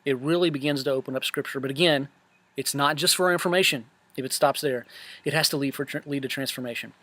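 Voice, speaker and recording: A camp director recapping a Bible study class in a relaxed, earnest way, with many fillers and restarts. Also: male voice, mid-range voice, quick pace, no room sound.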